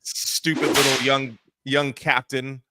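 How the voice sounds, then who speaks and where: A man's voice: medium pitch, little pitch movement, takes it slowly, very noisy. A man co-hosting a casual veterans' podcast who tells stories in a profane, ranting way. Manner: profane storytelling with ranting asides. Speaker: podcast co-host. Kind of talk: casual chat.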